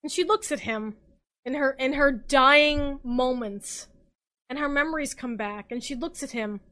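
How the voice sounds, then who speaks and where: A tipsy woman hosts a comic podcast, retelling a story with frequent swearing and bursts of laughter. Her voice sits high and sounds bright and forceful. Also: measured pace, poor audio. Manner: animated, swearing, laughing often. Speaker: podcast host.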